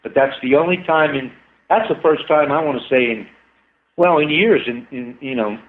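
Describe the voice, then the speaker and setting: A man's voice: on the high side, moderate pace. A man, a guest scientist, talking at length and with enthusiasm in a casual interview. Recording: tinny phone-like line.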